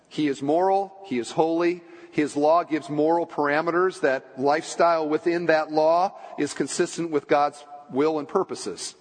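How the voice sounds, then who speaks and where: A man preaching a sermon as a pastor, conversational, asking the congregation questions and making asides, then dropping low and quiet for solemn points. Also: husky. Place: church sanctuary. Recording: long church-hall reverb.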